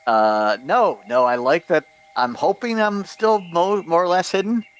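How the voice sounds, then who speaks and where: A man's voice: high voice, unhurried, soft background music. A man playing a tabletop game, describing his character's actions in first person in casual chat. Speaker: player.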